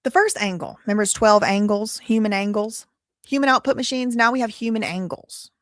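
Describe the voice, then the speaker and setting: A woman's voice: medium pitch, fairly quick, no room sound, clean studio sound. A woman hosting a live commentary show, reading out documents with sarcastic, wry asides.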